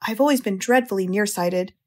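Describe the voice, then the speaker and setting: A woman voicing a kindly, clever female spider in an audiobook, calm and a little fancy in her speech. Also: medium pitch, fairly quick, lightly acted.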